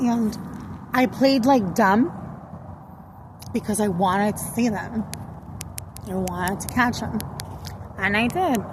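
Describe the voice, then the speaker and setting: Woman, vlogger, casual storytelling, profane and emphatic, noisy street background. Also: mid-range voice.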